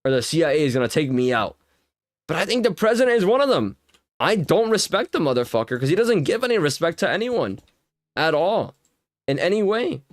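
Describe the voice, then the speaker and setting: A man's voice: on the high side, sing-song, a little fast, no echo, studio quality. A young man streaming and chatting casually while gaming, ranting heatedly with lots of swearing and filler words.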